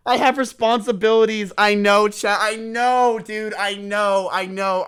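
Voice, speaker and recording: High bright-voiced young male streamer. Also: a little slow, few pauses, clean tone. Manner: animated, swearing, self-mocking. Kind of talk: casual storytelling to stream chat.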